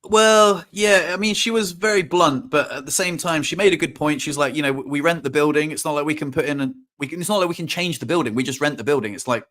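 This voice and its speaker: A man's voice: fairly high pitch, a bit bright. Man chatting casually on a video call. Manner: halting, many restarts and fillers. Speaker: podcast co-host.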